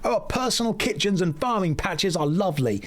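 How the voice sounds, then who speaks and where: Man doing a chirpy squeaky shopkeeper. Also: expressive, moderate pace. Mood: chirpy welcoming. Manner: bright, chirpy and welcoming. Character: cheerful squeaky male village shopkeeper. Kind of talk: reading game dialogue in a put-on voice.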